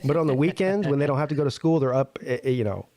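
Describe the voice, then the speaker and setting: A man's voice: mid-range voice, racing, warm tone, no room sound. A man in his forties co-hosting a live stream, talking in a tired, laid-back way, worn out and yawning. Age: 40s. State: exhausted, yawning. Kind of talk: casual chat.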